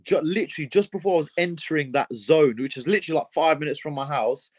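A young man, a professional fighter, answering interview questions in a rambling, excitable way with many fillers and restarts. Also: fairly high pitch, quick pace.

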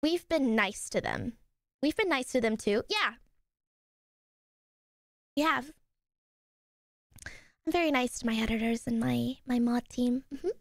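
A young woman streamer chatting casually with her viewers, bubbly and quick to squeal and laugh. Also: a little high, lively intonation, vocal fry, no echo, studio quality.

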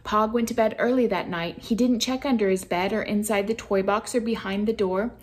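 Woman storyteller for a church kids' show, expressive picture-book read-aloud. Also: mid-range voice, a little fast. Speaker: children's ministry reader.

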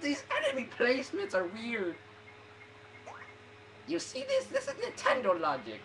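A woman's voice: on the high side, huge pitch swings, a little slow, long pauses, a bit bright, a little hiss or hum. A woman commentating her gameplay in a hyper way, shrieking and swearing at the game. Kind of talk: let's play commentary. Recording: game music under voice. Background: game music.

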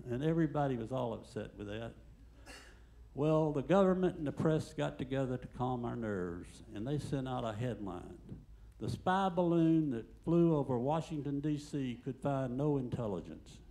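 An older man doing a stand-up comedy set in a comedy club, telling deadpan jokes and acting out the quotes. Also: medium pitch, normal speed.

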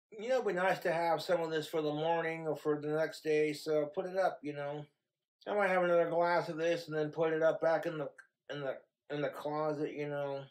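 A man vlogging at home, ranting bluntly and crudely in a rambling, profane monologue. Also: fairly high pitch. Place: home in Wyoming.

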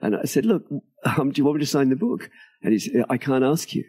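Older man, dark mellow tone, slightly husky, storytelling interview guest, recorded outdoors. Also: mid-range voice, fast talker. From Australia. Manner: animated storyteller, acts out quoted dialogue, laughs often. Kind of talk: storytelling in conversation. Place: outdoors at a tropical home near a beach.

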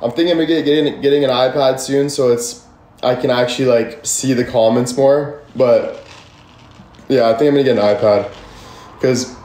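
A man's voice: mid-range voice, fairly even intonation, normal speed, darkish tone, reverberant. Passionate young man streaming live. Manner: passionate, swearing, rambling, reading chat aloud. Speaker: livestream host. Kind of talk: casual livestream chat. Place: room indoors. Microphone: phone or camera at a distance.

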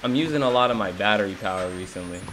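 A man commentating his own horror game playthrough, excitable, joking and yelling for help as he plays. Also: lowish voice, fast talker, very noisy. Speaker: gaming channel host. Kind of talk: let's play commentary.

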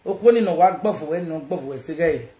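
A Nigerian woman chatting casually to her followers, loud and teasing, often laughing. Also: low-pitched, expressive, quick pace. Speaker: social media personality. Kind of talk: casual self-recorded chat to followers. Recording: echoey room with faint noise.

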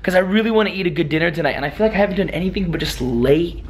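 A man's voice: sits high, rapid-fire. A young man chatting casually in a vlog, telling stories and acting out other people's voices. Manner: animated storyteller, acts out quoted voices. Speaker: vlogger.

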